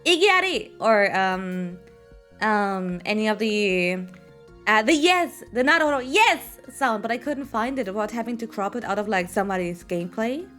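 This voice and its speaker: A woman's voice: mid-range voice, expressive, moderate pace, fairly bright tone, soft background music. A woman game streamer in casual live-stream chat, rambling with frequent swearing and fillers.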